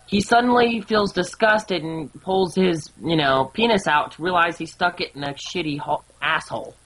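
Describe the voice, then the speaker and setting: A woman's voice: lowish voice, moderate pace, a little hiss or hum, rough recording. A woman casually telling jokes as a gameplay commentator, laughing at her own punchlines.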